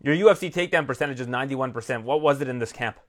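A male interviewer asking questions and joking between them. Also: mid-range voice. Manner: joking, fast-talking.

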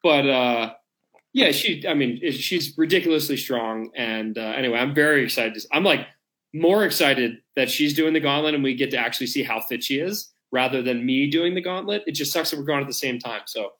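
Man, mid-pitched voice, playful co-host, animated anecdotes. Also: brisk. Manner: joking, animated storyteller. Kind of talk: casual chat.

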